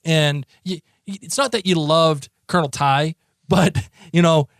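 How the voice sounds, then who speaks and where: Excitable Boston man, fairly high voice. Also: unhurried, dry recording, studio quality. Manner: rambling, excitable, many restarts. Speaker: podcast co-host. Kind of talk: casual chat.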